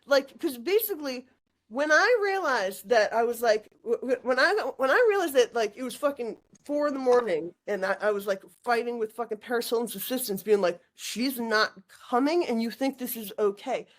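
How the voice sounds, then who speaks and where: Woman, high voice, rambling, profane, animated talk. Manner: swears a lot, rambling and heated; quick restarts and stammers. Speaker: host. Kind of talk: casual conversation.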